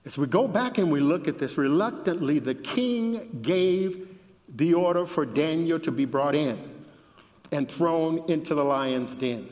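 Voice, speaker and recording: A man preaching a sermon and reading scripture aloud with dramatic emphasis, his voice rising at the high points. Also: animated, measured pace, darkish tone, long reverb tail.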